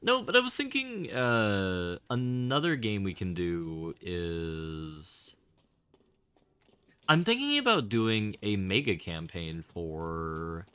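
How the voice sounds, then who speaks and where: A man's voice: sits low, a bit bright, smooth, no echo. A man streaming a game, talking casually with rambling, wry and sarcastic asides and casual swearing. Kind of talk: casual gaming livestream commentary.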